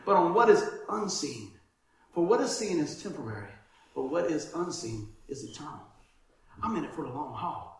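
Male pastor, high lively voice, very echoey church room. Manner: animated storytelling, acts out dialogue, laughs often. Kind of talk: conversational sermon.

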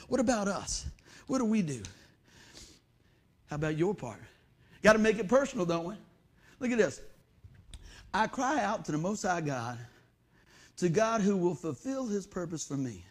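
A middle-aged man preaching a sermon to a congregation in a church, telling folksy stories and swinging between soft asides and loud bursts. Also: high-pitched. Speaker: pastor.

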